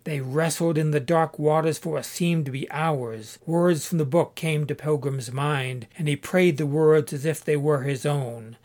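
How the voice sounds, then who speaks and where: A man reading a story aloud in a steady, measured narration. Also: a little high. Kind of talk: scripted audiobook narration.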